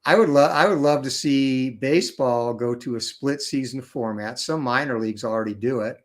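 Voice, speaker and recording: A man's voice: mid-range voice, normal speed. Easygoing man explaining sports. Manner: knowledgeable, steady explainer with fillers. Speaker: guest. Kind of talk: casual chat.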